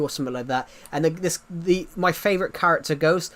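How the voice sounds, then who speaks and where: A man's voice: on the high side, fast talker, hardly any pauses, a little hiss or hum. A man chatting casually on a livestream, rambling and often restarting his sentences. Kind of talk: casual stream chat.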